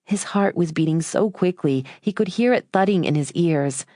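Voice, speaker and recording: Woman narrator for an audiobook, low-pitched and measured, earnest and unhurried, dry close sound. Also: lively intonation, mellow, dry recording.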